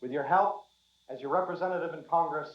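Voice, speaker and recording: Brief: male actor as candidate making a formal speech, raised pitch, roomy echo. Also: fast talker, lightly acted. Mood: earnest. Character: candidate giving a campaign speech. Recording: echoey dull speech audio.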